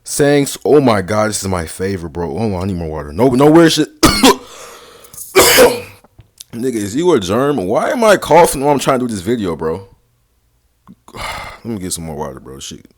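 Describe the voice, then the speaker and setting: A man's voice: fairly low pitch, very animated, brisk, noisy background. A young man rambling casually through dating advice, slangy and sarcastic, full of basketball lingo. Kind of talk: casual vlog talk.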